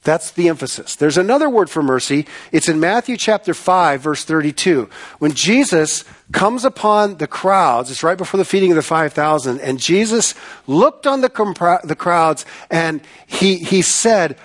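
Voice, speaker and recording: Earnest preacher man, higher voice. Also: sing-song, unhurried. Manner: earnest, repeats phrases for emphasis, rhetorical questions. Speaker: pastor. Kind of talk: sermon.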